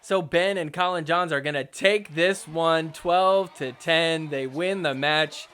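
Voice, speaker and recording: High, bright-voiced excitable male podcaster. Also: takes it slowly, smooth. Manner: excitable, joking, mock-outraged. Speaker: podcast host recapping matches. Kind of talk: casual sports recap commentary.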